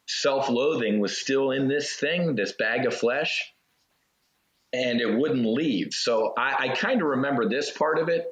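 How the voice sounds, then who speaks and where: A man, a former Navy fighter pilot, telling a personal story as an interview guest in an earnest, halting way with restarts. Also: medium pitch, a bit bright. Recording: roomy, slightly dull audio.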